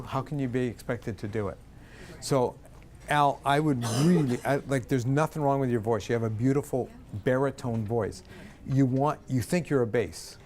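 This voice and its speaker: A man's voice: medium pitch, a little mellow. A man directing a choir, counting the singers in and singing short phrases to show them. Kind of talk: vocal coaching a group. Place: room with a singing group.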